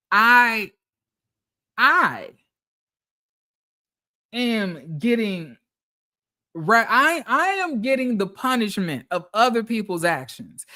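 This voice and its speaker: A man's voice: high-pitched, sharp tone. Exasperated, profane man ranting. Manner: profane, exasperated, repeats phrases. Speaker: streamer. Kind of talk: casual storytelling rant.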